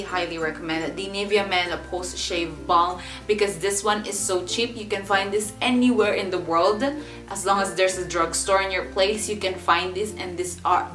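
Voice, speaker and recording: A woman's voice: mid-range voice, sharp tone. A young adult woman walking viewers through a makeup tutorial in a chatty way, doubling up words for emphasis. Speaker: beauty vlogger. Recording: roomy echo with faint background music.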